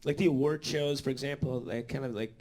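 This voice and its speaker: A man's voice: medium pitch, steady tone, a little fast, a little mellow. Rambling man doing stand-up. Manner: rambling, filler-heavy delivery with swearing. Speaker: stand-up comedian. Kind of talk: live stand-up set. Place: comedy club stage.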